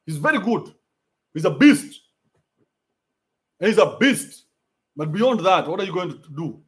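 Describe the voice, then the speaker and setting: Animated Kenyan man ranting. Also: high-pitched, measured pace. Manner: blunt, profane, mocking. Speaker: commentator. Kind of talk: livestream rant.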